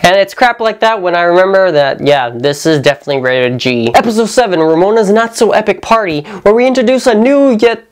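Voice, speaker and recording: A woman's voice: mid-range voice, lively intonation, fairly quick, hardly any pauses. A woman vlogger giving a sarcastic, opinionated review of a TV series, sometimes mimicking voices.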